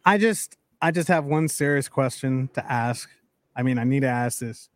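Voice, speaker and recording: A man's voice: mid-range voice, moderate pace, no room sound. A man co-hosting a sports podcast, joking and laughing often in casual chat. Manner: joking, laughs often, acts out voices in anecdotes. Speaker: podcast co-host.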